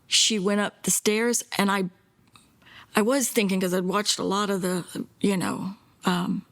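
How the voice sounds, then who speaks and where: An older woman telling her daughter's story in a documentary interview, plainspoken and earnest, slipping into hushed whispers when quoting others. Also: medium pitch, little pitch movement, a little slow. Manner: plainspoken, with self-corrections and small laughs.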